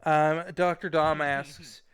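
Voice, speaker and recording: A man's voice: a little high, steady tone, takes it slowly, fairly bright tone. Joking male talk show host. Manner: joking, playfully rude. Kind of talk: casual interview in VR.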